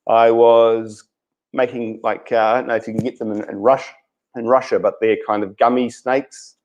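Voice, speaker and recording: A man with a New Zealand accent talks through a webinar from home over a video call, a science teacher who stops and restarts often and fills the gaps with ums. His voice sits at an ordinary middle pitch. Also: level tone, normal speed, darkish tone, lo-fi sound. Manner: hesitant, many ums and restarts. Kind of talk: webinar chat about remote teaching.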